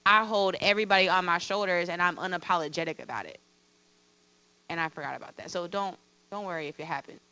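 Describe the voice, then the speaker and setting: A veterinarian who teaches veterinary students, speaking on a panel, shares a personal story candidly and self-deprecatingly, repeating points for emphasis. Her voice is on the low side, fast, bright, and forceful, and the recording is rough.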